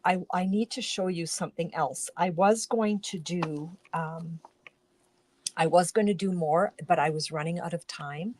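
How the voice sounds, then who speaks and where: Unhurried and darkish in tone, a woman's fairly low voice leads a casual card-making live stream from her home craft room. Her chatter rambles, and she frequently breaks off in the middle of sentences.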